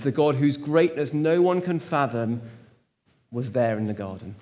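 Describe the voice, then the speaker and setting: A man's voice: medium pitch, a little mellow. A man preaching a sermon in church, stressing words with strong rises and drops. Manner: emphatic, rising and falling for stress.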